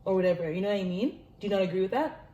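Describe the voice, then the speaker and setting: A woman hosting a casual chat show, animated and swearing freely as she acts out what other people said. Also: medium pitch, racing, dull audio. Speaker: host. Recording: echoey room with faint noise.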